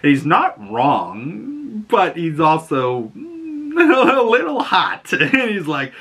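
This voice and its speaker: A man hosting a casual TV episode recap, excitable and quick to laugh and swear. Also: sits high, husky. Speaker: show host.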